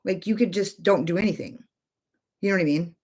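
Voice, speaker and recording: A woman's voice: lowish voice, brisk, a little mellow, slightly rough. Woman, 40s, makeup streamer; casual, rambling, profane chat from her bedroom. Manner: rambling, filler-heavy, swears freely. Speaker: makeup livestreamer.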